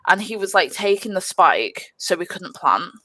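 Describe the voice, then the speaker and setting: A young woman telling a gaming story on a podcast, animated and swearing freely, with lots of fillers. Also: on the low side, moderate pace, dry recording. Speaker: podcast guest, gamer. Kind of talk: casual storytelling.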